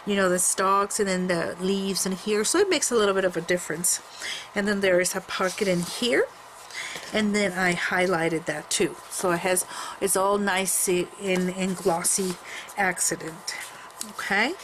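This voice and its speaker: A woman's voice: mid-range voice, fairly bright tone, slight background noise, low-quality recording. A woman casually showing off a handmade photo album at home. She rambles, restarts often, and fills gaps with fillers. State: coughing from allergies. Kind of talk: casual show-and-tell.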